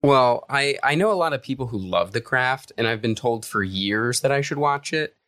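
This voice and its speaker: A man's voice: mid-range voice, moderate pace, no room sound, studio quality. Laid-back podcast co-host man. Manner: relaxed, filler-heavy, agreeable. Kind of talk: casual movie podcast chat.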